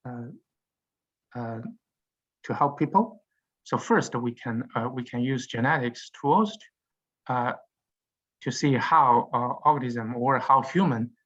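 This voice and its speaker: A man's voice: mid-range voice, expressive, a bit bright, breathy edge. Hesitant male lecturer, dull lo-fi sound. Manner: halting, frequent "uh" fillers and restarts. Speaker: university lecturer. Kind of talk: classroom lecture.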